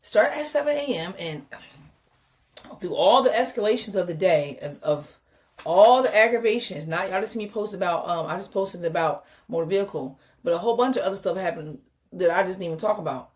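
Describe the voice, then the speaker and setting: A woman co-hosting a podcast, telling stories in a casual, animated way, acting out the dialogue and talking to her listeners directly. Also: fairly low pitch, brisk. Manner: animated storyteller, acts out dialogue, addresses listeners as y'all. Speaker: podcast co-host. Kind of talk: casual chat.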